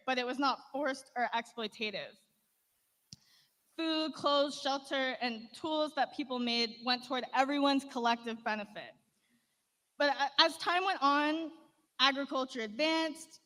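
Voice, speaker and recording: High-voiced woman speaking in a reverberant hall. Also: fairly bright tone. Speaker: conference speaker. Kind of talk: prepared speech. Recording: played-back speech with long hall reverb.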